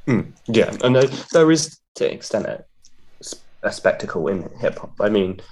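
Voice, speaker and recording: Man, deep low voice, hesitant, lots of fillers, casual talk. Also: big pitch swings, normal speed, darkish tone. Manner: hesitant, filler-heavy, searching for words. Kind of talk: casual conversation about poetry and rap.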